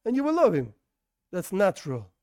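His high voice swoops wildly in pitch, fairly quick and darkish in tone, as this non-native English speaker delivers an informal Torah lesson. He corrects himself along the way and fields his own questions.

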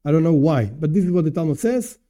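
A man's voice: on the high side, quick pace. A man giving an informal Torah lesson, explaining a commentary line by line and asking and answering his own questions. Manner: animated, explanatory, asks and answers himself. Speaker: Torah teacher.

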